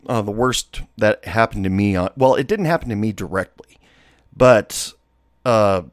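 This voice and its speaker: A man's voice: on the low side, no echo, studio quality. A man, a former bartender, telling a casual story, rambling with fillers and restarts.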